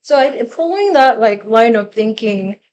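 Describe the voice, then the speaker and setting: A woman moderates a panel discussion, working through layered questions and adding frequent small acknowledgments. Her voice sits somewhat high for a woman. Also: animated, moderate pace, darkish tone, muffled recording, a little hiss or hum. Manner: probing, many backchannels.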